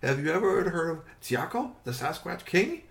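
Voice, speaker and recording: A man doing a squeaky eager little boy. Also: sing-song, normal speed, creaky. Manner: eager, stammering. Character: small excitable boy helper.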